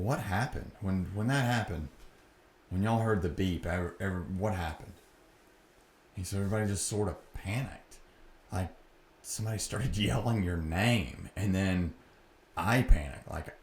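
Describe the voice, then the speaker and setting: A middle-aged man with a very low, deep voice tells a personal story in an earnest, reflective way, acting out both sides of a conversation. He sounds like he is in an echoey room, with a faint noise behind him. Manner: earnest, reflective, re-enacts dialogue. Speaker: podcast host.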